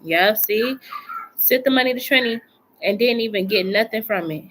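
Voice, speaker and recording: A woman's voice: a little high, normal speed, a bit bright. A woman doing a casual live tarot reading from home, chatty and colloquial, repeating phrases for emphasis. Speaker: tarot reader.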